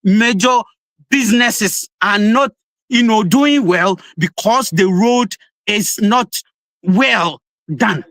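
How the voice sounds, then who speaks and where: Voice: medium pitch, takes it slowly, fairly bright tone. A Ghanaian-accented opposition party spokesperson pressing a point in a heated live debate. The delivery is insistent and emphatic, and the speaker switches languages mid-sentence. The sound is dry and close, with no room echo. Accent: Ghanaian English.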